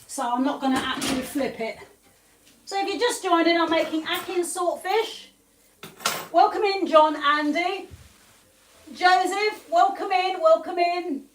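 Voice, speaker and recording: An English woman from England talks in a bright, high register as she runs a live cooking stream. Her delivery is loose and chatty, full of easy laughter and shout-outs to viewers. Soft clinks of pots and pans sit faintly behind her in a home kitchen. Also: a little slow, background noise. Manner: chatty, laughs often, greets viewers by name. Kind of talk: casual live-stream chat while cooking. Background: pots and pans clattering faintly.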